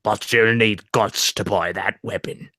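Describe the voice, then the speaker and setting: A man's voice: lowish voice, steady tone, unhurried, bright, forceful tone, no room sound, pitched below the performer's own voice. A shady, drawling weapons merchant in a put-on Cockney accent, as a man reads the lines out on a livestream. The voice drops well below the man's own, with a dry, close sound. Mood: gruff salesman. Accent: mock Cockney. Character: gravelly cockney-ish male weapons merchant.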